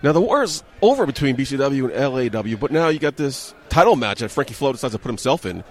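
A man's voice: medium pitch, sing-song, quick pace. A man hosting a wrestling show, interviewing wrestlers and wrapping up in a chummy, casual way. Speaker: host, ring-side interviewer.

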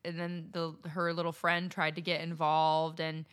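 A woman's voice: sits low, monotone, moderate pace, clear, resonant tone. A young adult woman, a podcast co-host, in loose casual chat, laughing often and talking with many fillers.

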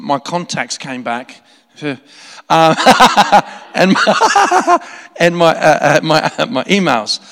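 A man preaching a sermon, telling a story in an animated way with laughing asides and many restarts. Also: on the high side. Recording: long hall reverb.

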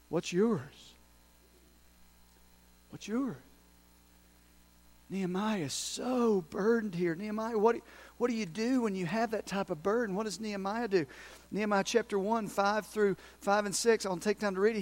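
A pastor delivers a sermon in a fairly high male voice. He preaches with passion and drops into little acted-out prayers and asides to his congregation.

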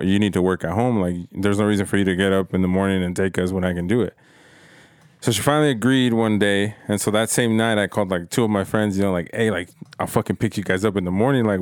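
A man telling a high school story in a laid-back way on a podcast, swearing often and using lots of fillers. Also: clear, resonant tone, no room sound, studio quality. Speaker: podcast guest. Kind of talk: casual storytelling chat.

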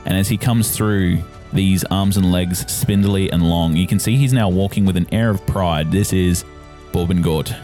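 A deep-voiced man narrating a tabletop role-playing game as its game master. He describes scenes at an easy pace, with frequent fillers. The recording has faint music behind him. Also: steady tone, normal speed, dark tone.

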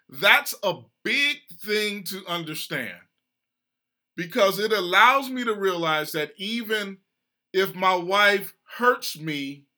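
Bright, animated married man. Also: high voice. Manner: animated, earnest, reflective. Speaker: podcast host. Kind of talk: casual chat about marriage.

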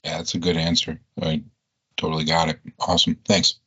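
A man with a very deep voice asks a question loosely and conversationally. He often checks in with a quick "right?" along the way. The call audio is dull and lo-fi. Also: monotone, bright, forceful tone, breathy edge. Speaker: pilot asking a question. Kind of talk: meeting Q&A. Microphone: video call.

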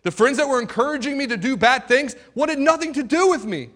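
Bright, forceful young man preaching. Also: very high voice, lively intonation, brisk. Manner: dramatic storytelling, swinging between hushed and loud; talks straight to the crowd with questions. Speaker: youth speaker giving his testimony. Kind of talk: testimony sermon to a live audience.

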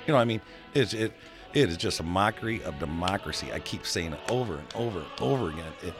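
A man's voice: low voice, animated, fast, music in the background. A man in casual political chat, rambling and emphatic, swearing freely.

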